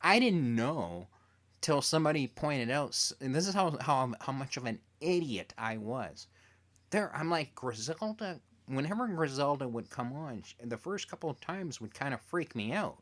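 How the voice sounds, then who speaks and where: Animated fan interviewer, man. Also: medium pitch, normal speed. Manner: animated storytelling, acting out quotes. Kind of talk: casual interview chat.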